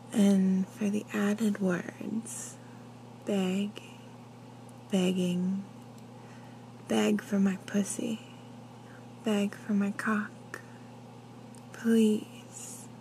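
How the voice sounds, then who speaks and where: A woman with a Canadian accent, whispering a word list slowly and deliberately into a close mic for an accent challenge. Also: mid-range voice, slight background noise, poor audio. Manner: soft unvoiced whisper, slow and deliberate.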